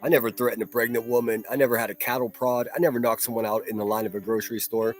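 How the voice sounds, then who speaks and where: A man's voice: mid-range voice, little pitch movement, very fast, faint music behind. A man hosting a solo livestream, ranting in a profane, mocking and combative way. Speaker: livestream host.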